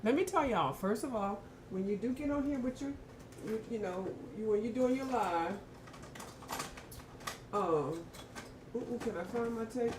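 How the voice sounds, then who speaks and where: A woman's voice: fairly high pitch, unhurried, pauses often, background noise. A woman hosting a casual live stream with features, chatty and addressing her viewers by name, and she has the hiccups.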